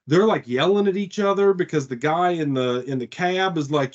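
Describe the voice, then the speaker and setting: A man's voice: a little high, normal speed, few pauses, muffled recording. A man on a casual podcast telling a long story, rambling and profane, with lots of "like" fillers. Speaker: podcast co-host.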